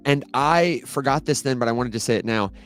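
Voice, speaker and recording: A man's voice: medium pitch, brisk, a bit bright, clean tone, soft background music. A man co-hosting a casual crypto chat, friendly and chatty, often restarting his words. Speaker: co-host.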